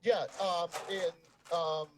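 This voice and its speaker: A man's voice: sits high, fairly even intonation, slow, slight background noise. A man playing in a casual tabletop game, chatting eagerly about his dice rolls. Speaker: player.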